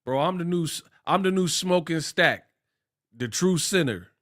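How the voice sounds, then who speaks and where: A man's voice: on the high side, normal speed. Slangy Bay man ranting on boxing. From Bay Area, California. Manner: animated, slangy and mocking, puts on voices for quotes. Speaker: boxing commentator. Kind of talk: casual ranting commentary.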